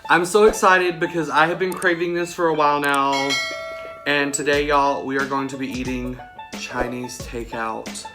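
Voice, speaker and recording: A young man with a Southern American accent hosting a solo mukbang vlog, chatty and excited, saying "y'all" again and again. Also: a little high, moderate pace, music in the background. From Southern United States. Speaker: podcast host.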